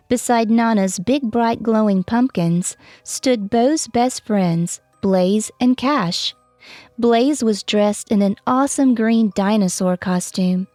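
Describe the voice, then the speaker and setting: Female storyteller for a bedtime audiobook; slow, gentle read-aloud, dry close sound. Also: medium pitch, no room sound. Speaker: storyteller and author.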